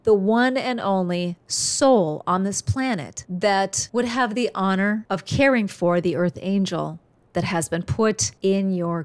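A woman hosting a podcast, talking earnestly and encouragingly to her listeners as if to a friend. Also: mid-range voice. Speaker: podcast host. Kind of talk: heartfelt podcast monologue.

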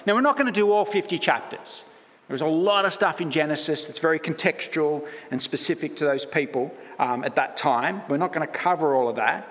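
Aussie male pastor, slightly high voice, joking sermon, echo of a big church hall. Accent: Australian. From Australia. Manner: chatty, self-deprecating, lively asides.

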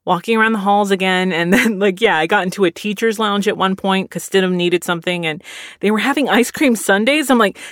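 Animated woman laughing through a story. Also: medium pitch, brisk, dry recording, studio quality. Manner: animated, laughing often, many "like" fillers. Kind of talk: casual storytelling.

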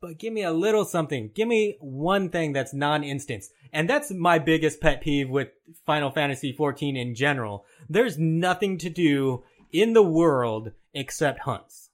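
A man's voice: fairly high pitch, animated, normal speed, few pauses. A man co-hosting a casual gaming podcast, blunt and grumbling, swearing freely. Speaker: podcast co-host.

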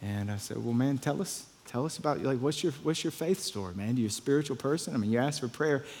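A man's voice: mid-range voice, expressive, fast, darkish tone, long reverb tail. A pastor telling a story in a conversational sermon, often repeating his words.

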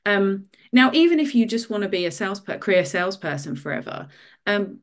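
A woman, a guest author, giving career advice in a casual interview, lively and full of ums. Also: medium pitch, fairly quick.

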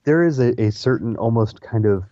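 A man's voice: medium pitch, a little fast, dark tone, no echo. A man in a casual fan chat, laid-back, mostly giving short agreeing replies. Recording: slightly dull lo-fi sound.

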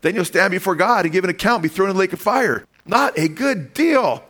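A man preaching a sermon with emphasis, calling out "amen?" to his congregation and swinging between loud stressed lines and quiet asides. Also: sits high, quick pace. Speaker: pastor.

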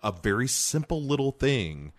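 A man's voice: mid-range voice, sing-song, moderate pace. A man co-hosting a casual film review chat, giving wry, sarcastic commentary with the odd curse. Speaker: podcast co-host reviewing a film.

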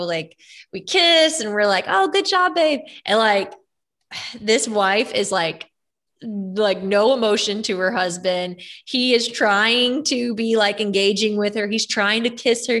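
A young woman chatting casually, telling animated stories with lots of fillers. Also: mid-range voice. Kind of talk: casual chat.

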